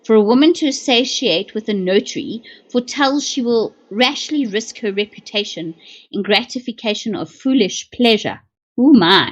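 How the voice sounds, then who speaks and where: A woman's voice: medium pitch, poor audio. A middle-aged woman chatting on a livestream, loose and exclamatory, swearing casually as she reads dream meanings. Her voice sits in a medium range.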